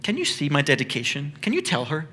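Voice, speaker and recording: A man voicing an exasperated woman of the Bible in a sermon, complaining in a high, strained voice. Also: huge pitch swings, fast talker, pushed and bright, heavily acted.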